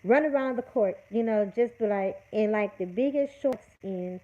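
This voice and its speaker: A woman's voice: medium pitch, normal speed, dark tone. A woman hosting a livestream, scolding her chat in an emphatic, repetitive rant. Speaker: livestream host. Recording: tinny phone-like audio.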